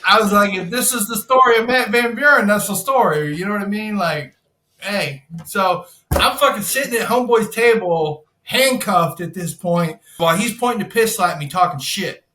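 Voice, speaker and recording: A man's voice: high-pitched, moderate pace, echoey room, a little hiss or hum. A man telling a wild story on a podcast, swearing a lot and acting out what people said. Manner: profane, animated storytelling, acts out quotes. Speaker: podcast guest, insurance broker. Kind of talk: casual storytelling.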